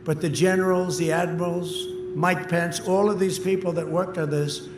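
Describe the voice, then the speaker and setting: A man giving a campaign rally speech in short, punchy, repeated phrases, sometimes breaking into shouts, recorded outdoors through an echoing PA. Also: sits high, fairly even intonation, normal speed, very noisy. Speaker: political speaker at a rally. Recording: echoey outdoor PA sound with crowd. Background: cheering crowd.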